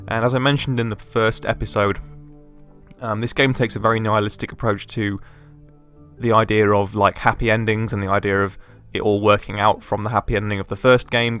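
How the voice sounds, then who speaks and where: A man talking through a video game playthrough in an easy, chatty way. His fairly low voice is loose and peppered with fillers. Faint game music runs behind him. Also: fairly bright tone, clean tone. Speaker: let's play host. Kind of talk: casual game commentary.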